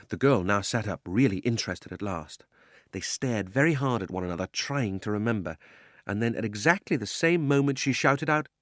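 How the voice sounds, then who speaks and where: A man narrating a children's audiobook in a measured, expressive reading. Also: mid-range voice, no room sound, studio quality. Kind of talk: scripted storybook narration.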